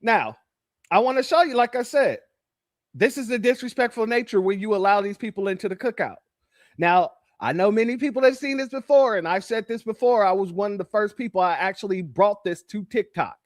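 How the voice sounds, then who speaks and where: A man's voice: high voice, a little fast, dry recording, clean studio sound. A man from California giving casual commentary, laughing often and repeating himself. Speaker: commentary channel host.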